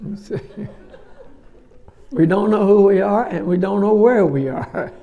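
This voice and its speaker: A man's voice: high-pitched, unhurried, narrow, tinny audio. A man as a spiritual teacher giving a sermon to a live audience, telling stories in a conversational way with folksy asides and chuckles. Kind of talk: sermon with storytelling. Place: talk before a live audience.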